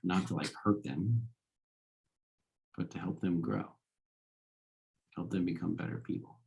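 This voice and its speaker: A man's voice: low-pitched, fairly even intonation, unhurried, vocal fry, darkish tone, a little hiss or hum. A man giving a casual philosophy lecture, talking conversationally and checking in with rhetorical questions.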